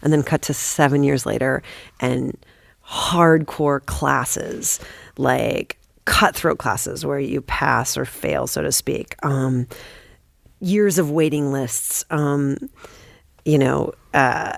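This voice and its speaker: A woman guest on a podcast, telling stories in a rapid, animated way and swearing freely. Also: rumbling low, gravelly, dry recording, clean studio sound. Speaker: guest, comedic actress. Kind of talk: casual podcast storytelling.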